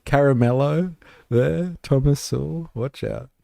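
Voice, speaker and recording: A man's voice: a little high, unhurried, gravelly, mellow, no echo, studio quality. A man hosting a live stream, reacting to a clip with sarcastic, mocking commentary and casual swearing.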